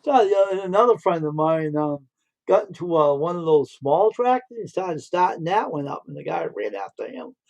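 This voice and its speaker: Middle aged guy rambling thru old stories on a livestream, kinda high voice, repeats himself a lot. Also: animated, normal speed, gravelly, dull audio. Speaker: livestream host. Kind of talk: casual storytelling.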